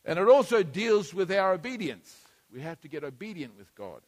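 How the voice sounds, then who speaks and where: In a church hall, a high-pitched man preaches a sermon to his congregation in a loose, conversational way, very animated and at normal speed. His voice rings out with a long, lingering reverb. He drops into quiet asides, then rises into emphatic bursts.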